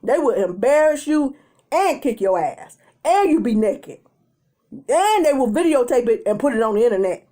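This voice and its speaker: Animated woman telling a story time. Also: a little high, moderate pace. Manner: animated storytelling, acts out quotes in changing voices. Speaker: mukbang vlogger.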